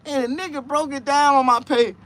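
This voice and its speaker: A man hosting a casual livestream chat, rambling and profane, dropping to low mutters and jumping to high excited outbursts. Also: a little fast. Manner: profane, rambling street talk. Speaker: livestream host.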